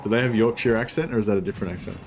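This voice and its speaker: Low-voiced man rambling over gameplay. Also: rapid-fire, a little hiss or hum. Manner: rambling, thinks aloud with fillers and restarts. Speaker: streamer. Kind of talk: casual gameplay commentary.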